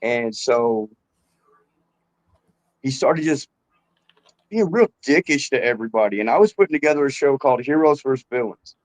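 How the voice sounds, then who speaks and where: A man's voice: mid-range voice, expressive, normal speed, pauses often, dry recording, low-quality recording. A man talking as a rapper guest in a casual interview, laid-back and swearing freely, calling the host bro.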